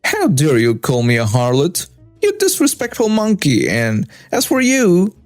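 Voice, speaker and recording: A man's voice: on the high side, expressive, measured pace, a little mellow, soft background music. A man narrating a story, putting on the shrieking voice of an indignant entitled mother. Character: shrill entitled middle-aged mother.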